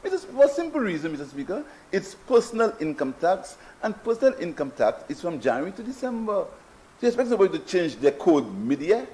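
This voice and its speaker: A Saint Lucian man speaks in a parliamentary budget debate. His high voice rises and falls widely as he mocks the other side. He keeps repeating his phrases for emphasis. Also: very animated, fairly quick, warm tone, poor audio. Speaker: prime minister in parliament. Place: parliament chamber.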